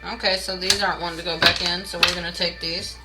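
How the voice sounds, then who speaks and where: Loud music sits behind this fast-talking woman, whose voice is on the low side and level in tone, and the recording is low quality. Doing tarot on a late-night home live stream, she's blunt and rants with plenty of cursing, calling people baby and y'all and greeting chat by name.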